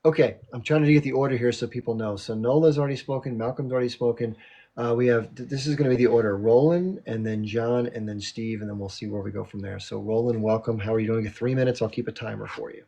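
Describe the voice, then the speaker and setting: A man's voice: mid-range voice, fast, creaky, dark tone, dull audio. A man hosting a live online panel, firmly keeping order and repeating his rules. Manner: firm, keeps order, repeats himself. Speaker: host moderating a live panel. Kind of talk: casual live-stream moderation.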